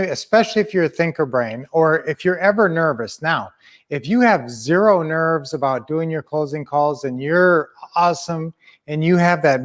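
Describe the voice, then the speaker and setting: A man coaching his viewers in a casual live stream, with an upbeat, rambling manner and frequent self-corrections. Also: fairly high pitch. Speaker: sales coach and teacher.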